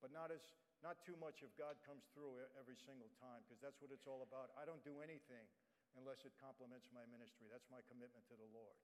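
A man's voice: medium pitch, steady tone, fast talker. Blunt New man preaching in a reverberant hall. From New York, USA. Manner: blunt, conversational, addresses the audience directly. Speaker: guest speaker. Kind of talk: testimony sermon. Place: church. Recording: long reverb of a large hall.

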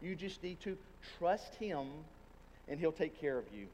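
Pastor preaching in a reverberant hall. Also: male voice, fairly high pitch, expressive, a little slow, a little mellow, highs cut off. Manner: earnest, conversational preaching with acted-out prayers. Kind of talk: sermon. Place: church sanctuary. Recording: long hall reverb, faint room noise.

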